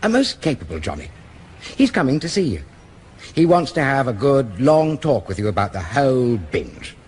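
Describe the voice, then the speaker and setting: A man's voice: mid-range voice, very animated, moderate pace, a little mellow, a little hiss or hum, natural voice. A man doing a bumbling posh young heir. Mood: breezy. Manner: blustering, hesitant, slangy. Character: bumbling young aristocratic son, nervous. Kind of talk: radio drama acting.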